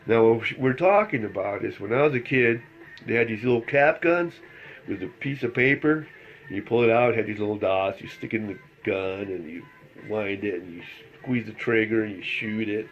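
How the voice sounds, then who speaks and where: A man's voice: lowish voice, normal speed. Chuckling man telling stories. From El Paso, Texas. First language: Spanish. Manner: rambling, chuckles through the telling. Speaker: storyteller. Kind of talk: casual anecdote telling. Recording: slightly dull lo-fi recording.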